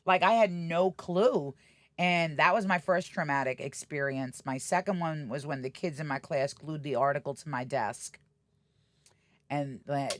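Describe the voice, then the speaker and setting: A middle-aged woman, a podcast guest, telling stories bluntly and acting out the voices of people she quotes. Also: deep voice. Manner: animated, acts out quoted voices; blunt, swears freely. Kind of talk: casual storytelling interview.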